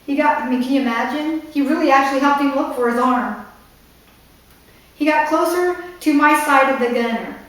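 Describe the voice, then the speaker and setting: A woman's voice: high-pitched, normal speed. Woman author reading aloud in an echoey room. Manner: breaks off to explain the story in asides. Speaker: author reading her novel. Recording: echoey room, distant mic.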